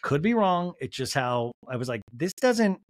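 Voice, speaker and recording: A man's voice: mid-range voice, animated, moderate pace, no room sound, clean studio sound. A man hosting a podcast, recapping a show with gossipy asides. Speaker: podcast host. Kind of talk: casual recap commentary.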